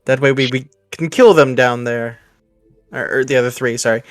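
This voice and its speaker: Brief: male player, mid pitch, smooth resonant voice, dry close sound, scheming tone. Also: normal speed, no room sound, soft background music. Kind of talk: tabletop game play.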